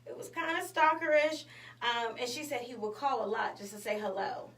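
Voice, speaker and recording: Female morning host, chatty storyteller, higher voice, roomy echo, a bit off-mic. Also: lively intonation, normal speed, fairly bright tone. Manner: storytelling, chatty, lots of fillers. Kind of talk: casual chat. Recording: echoey room, mic at a distance, faint noise.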